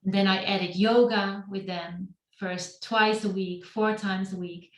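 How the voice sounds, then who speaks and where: A woman's voice: medium pitch, steady tone. A middle-aged woman, speaking on a video call, giving a reflective talk about her own life to a meetup. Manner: slow, reflective storytelling. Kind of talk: personal storytelling talk. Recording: roomy and distant from the mic.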